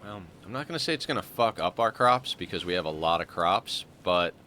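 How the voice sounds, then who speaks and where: A man's voice: deep voice, expressive, a little fast, sharp tone, a little hiss or hum. A man casually commenting on his game as he plays, stuffed up with a morning voice and rambling with fillers as he thinks aloud. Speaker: streamer playing a colony sim.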